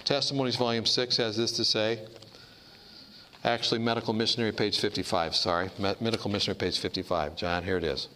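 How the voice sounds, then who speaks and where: A man preaching a sermon to a congregation, animated and rhetorical, calling for amens and asking questions of the crowd. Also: fairly low pitch, fast, a little hiss or hum. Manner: animated, rhetorical call-and-response with the audience. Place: church hall before a congregation.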